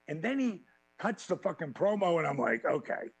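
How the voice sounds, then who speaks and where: A man as a podcast guest telling profane, animated stories and acting out quotes. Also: high-pitched, a little fast, vocal fry, husky, rough recording. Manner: animated, swearing freely, acts out quotes. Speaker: podcast guest, former wrestling champion. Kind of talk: profane storytelling in a podcast interview.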